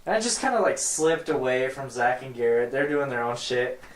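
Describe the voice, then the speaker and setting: A man's voice: medium pitch, normal speed. A young man, a podcast guest, telling a rambling, profane story in casual chat and laughing easily. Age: young adult. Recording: roomy echo.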